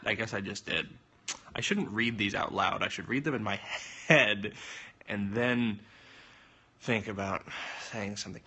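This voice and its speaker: A young man chatting casually on a phone livestream, answering viewer comments with jokes and sudden jumps in pitch. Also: fairly even intonation, takes it slowly, pauses often, sharp tone, breathy edge.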